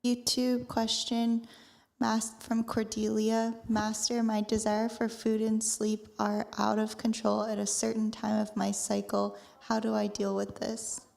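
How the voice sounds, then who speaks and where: A woman quietly reading an audience question aloud in a flat, even delivery. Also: medium pitch, unhurried, vocal fry, hardly any pauses. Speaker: question reader.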